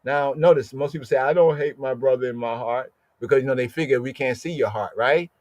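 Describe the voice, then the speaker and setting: A man teaching scripture in a podcast, explaining Hebrew words slowly and asking "right?" again and again. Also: medium pitch, darkish tone, no room sound. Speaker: Bible teacher.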